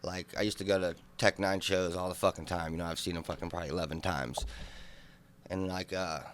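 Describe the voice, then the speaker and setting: A man, co-hosting a podcast and telling a wild story in a loud, profane, animated way. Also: deep voice, brisk, a little hiss or hum. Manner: animated, profane storytelling, acting out drunk shouts. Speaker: podcast co-host. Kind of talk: casual storytelling chat.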